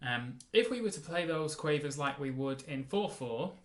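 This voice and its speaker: A man teaching a mandolin lesson, explaining in a relaxed way and counting the beats aloud. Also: a little high, normal speed. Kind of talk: casual music lesson. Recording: roomy sound with mandolin playing.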